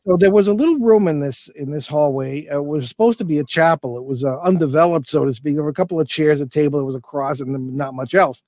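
An older man appearing as a paranormal investigator guest tells the story of a strange experience in an interview, rambling and circling back with many fillers and restarts. His slightly high, a little mellow voice moves at a quick pace with few pauses. The recording is dry and close, with no room sound.

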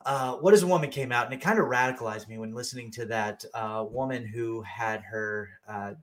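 A man's voice: medium pitch, fairly quick. A young adult man from the United States, co-hosting a podcast in casual chat, telling stories with lots of laughter. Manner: animated storytelling, laughs often. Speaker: podcast co-host.

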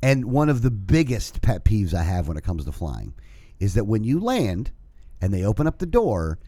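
A man's voice: on the low side, very animated, normal speed, dark tone, no echo. A man tells a profanity-laced story in loose conversation. His voice rises and falls a lot, and the sound is dry and close to the mic. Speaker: podcast co-host. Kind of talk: casual chat.

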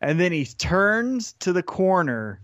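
A man telling a story on a podcast, his voice set a little high. He is lively and animated and slips into put-on voices for the quotes. The sound is dry and close. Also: takes it slowly, no echo, dull audio. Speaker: podcast co-host. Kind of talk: casual chat recapping wrestling.

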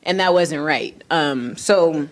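A woman from the audience asking a preacher a question, hesitant and reflective, with many pauses and restarts. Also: low-pitched.

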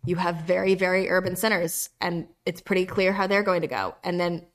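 A woman's voice: on the low side, fairly even intonation, a little fast. A woman from North Carolina talking in a casual podcast conversation, earnest and reflective, often repeating her phrases. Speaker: podcast speaker.

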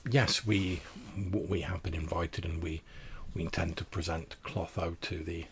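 A man's voice: low voice, fairly even intonation, moderate pace, a little hiss or hum. A man voicing a proud, courteous old female vampire crone who speaks formally and often repeats words. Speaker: game master.

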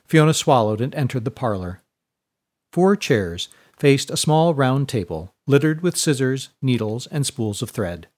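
Expressive male storybook narrator. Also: mid-range voice. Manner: measured, expressive reading.

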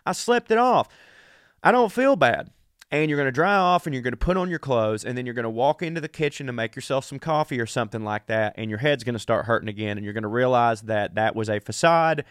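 A man's voice: mid-range voice, fairly bright tone, no room sound. Southern guy who's sick, bit out of breath, rambling and crude about himself, dry close mic. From American South. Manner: crude, rambling, self-deprecating. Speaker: podcast host. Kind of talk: casual comedic monologue.

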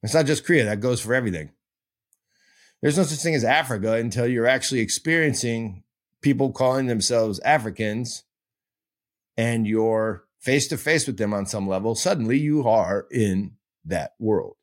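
A man's voice: medium pitch, normal speed. A man hosting a podcast, teaching in a casual, digressive and self-mocking way, breaking into goofy sound effects. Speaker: podcast host.

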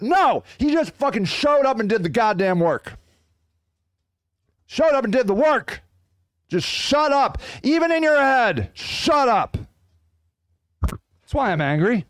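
High-voiced, fiery ranting man. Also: slow, long pauses, clear, resonant tone, no echo. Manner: profane, fiery, swings from loud outbursts to low growls; animated, ranting. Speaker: podcast host. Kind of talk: solo podcast rant.

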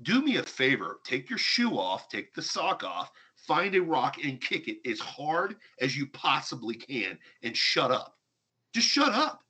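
A man's voice: mid-range voice, big pitch swings, unhurried, few pauses, pushed and bright, breathy edge. A man hosting a talk show, ranting sarcastically and with heavy emphasis. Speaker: podcast host. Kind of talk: heated opinion talk.

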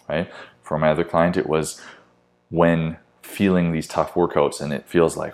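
A man's voice: rumbling low, little pitch movement, measured pace, a little mellow. A man coaching clients, giving an intense, blunt motivational talk and swearing casually. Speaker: fitness coach.

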